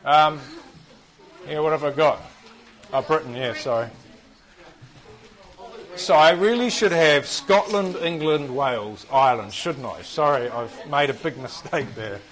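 A man's voice: a little high, expressive, a little slow, long pauses, fairly bright tone, poor audio. A man with a New Zealand accent teaching a Bible class, quizzing the group and joking at his own expense. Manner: chatty, self-deprecating, asks the group questions.

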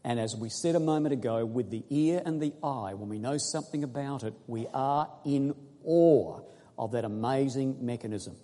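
A man preaching a sermon, quizzing his congregation and reading scripture slowly and earnestly. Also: medium pitch, mellow. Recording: echoey hall recording.

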